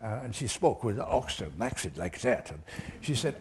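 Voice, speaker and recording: An older man telling animated anecdotes as an interview guest, chuckling through his stories. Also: mid-range voice, normal speed, a little hiss or hum.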